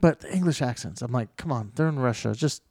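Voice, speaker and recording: A man's voice: mid-range voice, animated, fast talker, darkish tone, no room sound, studio quality. A man co-hosting a casual chat, talking enthusiastically and emphatically.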